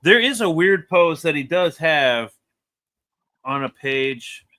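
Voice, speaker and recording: An animated man with a bright, forceful tone and a slightly high-set voice talks through comic pages in easygoing chat. He wanders into asides and breaks into laughter often. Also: takes it slowly. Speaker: comic book reviewer. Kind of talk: casual review chat.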